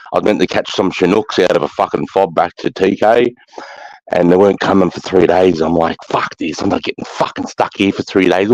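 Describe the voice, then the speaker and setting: A middle-aged Australian man, formerly an army sergeant, tells war stories in casual chat, speaking bluntly, swearing constantly and repeatedly adding "mate". His voice sits low with a darkish tone, and the recording is dry with poor audio.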